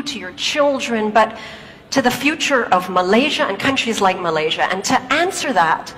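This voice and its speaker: A woman's voice: a little high, a bit bright, long reverb tail, slight background noise, low-quality recording. A woman giving a stage talk in her native English, telling stories and asking the audience rhetorical questions. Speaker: public speaker.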